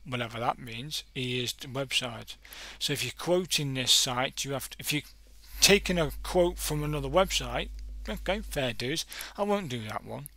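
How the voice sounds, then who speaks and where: Rambling man thinking aloud, bright voice. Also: mid-range voice, no echo. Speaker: coding tutorial host. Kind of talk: casual screen-recorded tutorial.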